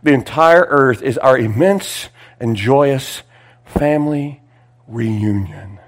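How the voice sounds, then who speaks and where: A man preaching a sermon, reading scripture aloud with emphatic, drawn-out phrases and dropping into quiet asides. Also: medium pitch, animated, low-quality recording. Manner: swings between loud emphatic reading and hushed asides; repeats phrases, drags out words for emphasis.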